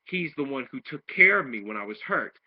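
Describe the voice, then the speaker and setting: Man, husky voice, casual episode recap, rambling, muffled lo-fi recording. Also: mid-range voice, sing-song, fairly quick. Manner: rambling retelling with restarts, acting out quoted lines. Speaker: anime episode reviewer. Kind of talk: casual plot recap and review. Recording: dull lo-fi home recording.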